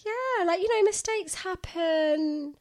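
A woman's voice: very high-pitched, slow pace, darkish tone, no echo, clean studio sound. A young woman co-hosting a podcast, chatting casually and musing aloud with frequent fillers. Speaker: podcast co-host. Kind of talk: casual chat.

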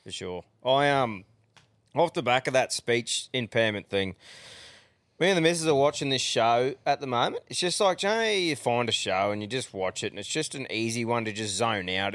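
A man's voice: mid-range voice, moderate pace, fairly bright tone, no echo. A man hosting a casual podcast, talking bluntly, swearing a lot and breaking into rants and laughter. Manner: sweary, ranting, laughs often. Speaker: podcast host.

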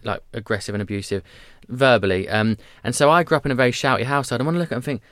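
This thirtysomething man speaks in a mid-range voice on a dry, clean studio recording. As a podcast guest he keeps the chat candid and brisk, slipping into little voices while he tells his animated stories.

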